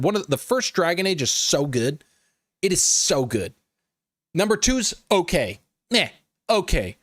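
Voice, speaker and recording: A fairly high-voiced man hosting a gaming news live stream, swearing freely as he riffs on the day's stories. His pitch swings widely and he talks to his chat like friends. The sound is dry and close to the mic. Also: dry recording. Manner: profane, animated, riffs and laughs at chat. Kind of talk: casual live-stream commentary.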